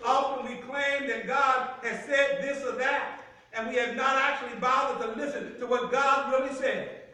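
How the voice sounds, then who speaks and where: A man preaching a sermon in a church sanctuary, with call-and-response delivery that rises to shouts on key lines. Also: extremely high pitch, level tone, moderate pace. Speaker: pastor. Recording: echoey church sanctuary from far off.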